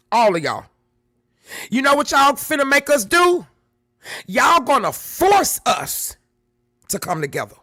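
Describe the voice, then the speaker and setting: A man's voice: very high-pitched, pushed and bright, dry recording, clean studio sound. A man hosting a live stream, talking to his chat in an emphatic way, repeating lines and swearing freely. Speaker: livestream host.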